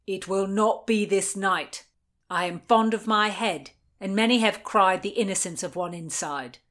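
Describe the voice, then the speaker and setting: A stern male sheriff, as a woman puts him on, firm and commanding. He refuses flatly and raises his voice slightly over the narration. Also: medium pitch, unhurried, natural voice.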